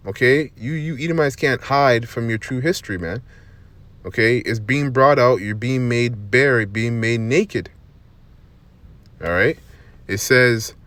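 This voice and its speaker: A man giving a preaching monologue. He reads verses slowly, tacks "man" and "okay?" onto his phrases, and stumbles and restarts words often. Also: medium pitch, fairly bright tone, no room sound. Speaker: scripture teacher.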